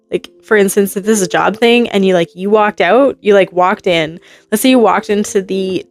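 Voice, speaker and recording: A woman giving a casual, rambling tarot reading to her viewers, acting out imagined reactions in quick quotes. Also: medium pitch. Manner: rambling, animated, full of hypothetical quotes. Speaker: tarot reader.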